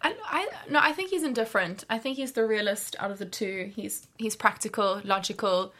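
A woman's voice: medium pitch, fairly quick, bright, forceful tone. A woman in a casual TV recap chat who gives her opinions expressively. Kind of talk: casual chat about a TV episode.

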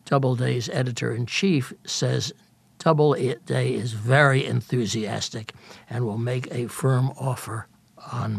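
Older male reader, measured memoir narration, husky and gravelly. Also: mid-range voice, dry recording. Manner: measured storytelling in present tense. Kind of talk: reading a memoir excerpt.

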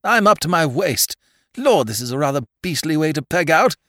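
A man's voice: fairly high pitch, sing-song, normal speed, a bit bright, no room sound, studio quality, voice pushed up. A man voicing an aristocratic young man stuck in a bog, breathless and making upper-class small talk. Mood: strained.

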